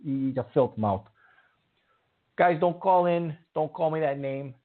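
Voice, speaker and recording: A man's voice: on the high side, a little slow. A man hosting a call-in radio show, taking callers and scolding the rude ones. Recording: narrow phone-like audio.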